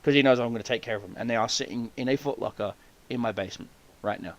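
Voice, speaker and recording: A man hosting a podcast, telling hunting stories in a casual, profane, animated way and acting out the people he quotes. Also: mid-range voice, fast, highs cut off. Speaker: podcast host. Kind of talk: casual storytelling chat.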